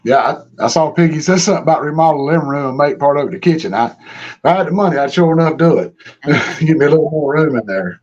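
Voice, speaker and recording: A man's voice: on the high side, expressive, quick pace, a little mellow. A man, hosting a casual chat from a small room at home, talking in a laid-back, drawling way. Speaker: host. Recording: slightly dull stream audio with faint hiss.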